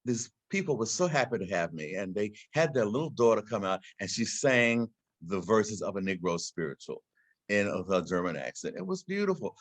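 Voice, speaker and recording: A man's voice: on the low side, no echo. An older man giving an impassioned, preaching talk to guests in a house gallery, repeating words as he builds to emphatic peaks. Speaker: invited speaker. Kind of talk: impassioned address.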